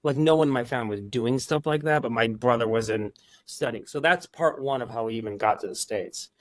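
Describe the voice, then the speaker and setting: A man in his forties from Iran, a guest in a casual interview, talking in halting starts with lots of restarts. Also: mid-range voice, no echo, studio quality. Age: 40s.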